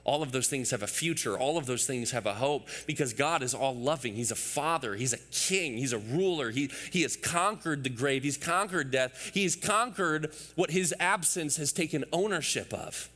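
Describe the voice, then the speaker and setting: Pastor preaching in a reverberant hall. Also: male voice, mid-range voice, expressive, normal speed, few pauses, a bit bright. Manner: emphatic, builds through repeated phrases; storytelling asides to the congregation. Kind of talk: sermon.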